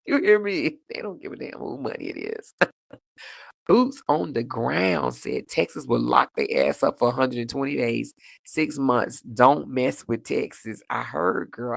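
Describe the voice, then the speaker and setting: Sassy, gravelly-voiced woman. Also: no room sound, clean studio sound. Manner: animated, sassy, laughs often, pitch jumps high for emphasis. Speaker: livestream host. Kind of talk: casual livestream chat reading comments.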